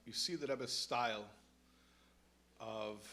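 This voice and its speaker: A man, a rabbi and advice columnist, talking in a thoughtful, halting way with many restarts, then reading aloud from his own writing. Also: mid-range voice, bright, forceful tone. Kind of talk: conversational talk, reading aloud.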